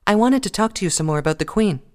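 A man voicing an earnest, studious unicorn mare who asks brisk, direct questions. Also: sits high, lively intonation, voice pushed up.

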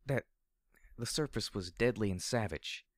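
A man voicing a fragile young female pegasus soldier, speaking in a soft, buzzing drawl that turns shaky and halting. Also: lowish voice, dry recording, voice pushed up, natural voice. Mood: shaky, distressed. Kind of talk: audiobook character reading.

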